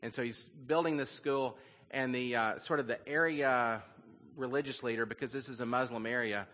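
A man's voice: medium pitch, steady tone, moderate pace, sharp tone. Guy preaching in a big echoey church hall, earnest, chatty storytelling, lots of "you know". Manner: conversational, earnest, with frequent "you know" fillers. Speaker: pastor. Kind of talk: sermon storytelling. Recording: long reverb of a large hall.

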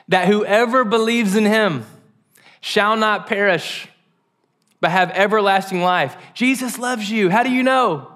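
High-voiced man preaching a lively sermon. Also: unhurried. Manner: animated and joking, acts out quoted voices.

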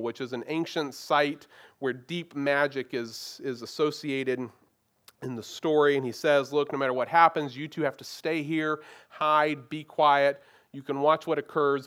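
A man retelling and then reading a story aloud with an expressive, dramatic delivery. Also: mid-range voice.

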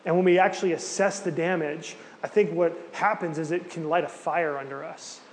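A man's voice: on the high side, steady tone, moderate pace. Man teaching in a reverberant hall. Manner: conversational, many fillers and asides. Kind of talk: sermon-style teaching talk. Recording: hall reverb with faint background noise.

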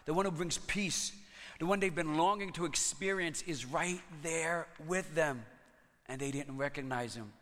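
A man preaching a sermon, telling stories in an animated way and laughing often. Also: mid-range voice, in a large hall. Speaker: pastor.

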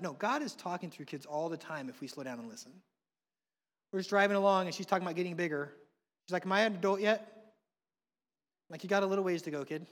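A man, preaching a sermon with passion, swinging between hushed and loud. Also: sits high, quick pace. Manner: impassioned, swings from soft to loud. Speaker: pastor. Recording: long reverb of a large hall.

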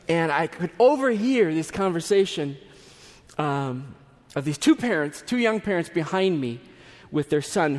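A man's voice: a little high, big-room sound. A man preaching a sermon as pastor, telling stories conversationally with asides and restarts.

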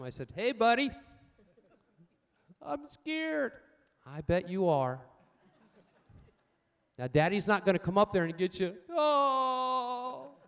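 An older man preaching a sermon, swinging between loud emphatic points and quiet personal stories, calling out for amens. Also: fairly high pitch. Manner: asks the congregation for amens. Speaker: pastor.

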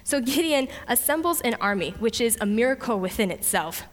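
A woman preaching a lively sermon, retelling a story with playful voices for the characters. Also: a little high, fairly quick. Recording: long hall reverb.

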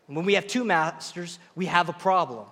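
A male pastor delivers a sermon in a high, clear voice. He is earnest and emphatic and repeats his key phrases. The sound rings with the long reverb of a large hall. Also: a little fast, bright, forceful tone. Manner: earnest, repetitive, emphatic preaching.

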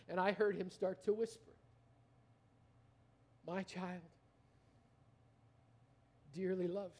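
A middle-aged man preaching a sermon, telling stories and swinging from loud emphasis to a hushed, near-whispered delivery. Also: sits high. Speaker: pastor.

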